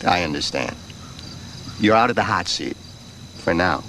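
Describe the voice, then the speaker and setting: A man's voice: sits low, animated, measured pace, sharp tone, slight background noise, exaggerated voice. An actor playing a man who leads a group and sets a scene in a theatrical way. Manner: theatrical, scene-setting narration.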